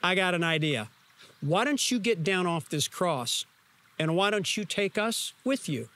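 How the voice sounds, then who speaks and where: A snide, sarcastic condemned man taunts from his cross, voiced by a preacher in the middle of a sermon. The voice sits fairly high for a man. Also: expressive, a little slow, sharp tone, exaggerated voice. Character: sneering male criminal on a cross.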